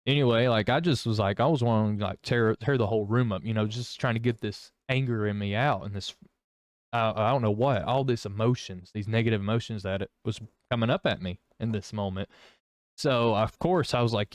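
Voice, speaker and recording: Young man, personal testimony, rambling and candid, smooth voice, dry close sound. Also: medium pitch, fairly even intonation, normal speed, no echo. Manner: rambling, candid, many fillers and restarts. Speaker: vlogger.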